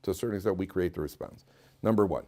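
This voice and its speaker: A man's voice: deep voice, quick pace, warm tone. A man, a rabbi, giving an informal Torah lecture in a conversational, joking way, often repeating and restarting his words. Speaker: rabbi teaching a weekly Torah class.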